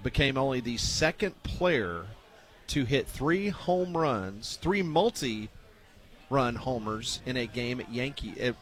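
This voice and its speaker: A man's voice: medium pitch, lively intonation, slow, fairly bright tone. A man hosting a sports talk radio show, reading scores and stumbling over his words in casual banter. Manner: reads scores and notes, stumbles and repeats.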